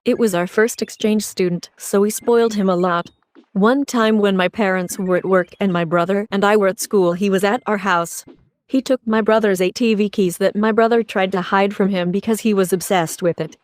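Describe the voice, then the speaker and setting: A woman's voice: mid-range voice, fairly even intonation, moderate pace, dry recording. Woman telling a story plainly, dry close sound, swears a bit. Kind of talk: casual storytime.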